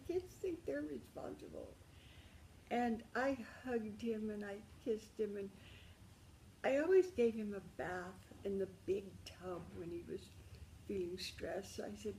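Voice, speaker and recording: A woman's voice: mid-range voice, gravelly, a little mellow, slight background noise, rough recording. An older woman telling a personal life story in an intimate, emotional way, calling the listener darling and sometimes dropping to a whisper. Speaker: memoir storyteller.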